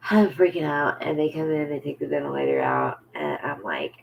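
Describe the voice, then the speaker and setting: A man telling a personal story to camera in a halting, rambling way, full of fillers and restarts, often sinking to a near whisper. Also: fairly high pitch, wildly swooping pitch, gravelly, background noise. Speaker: vlogger.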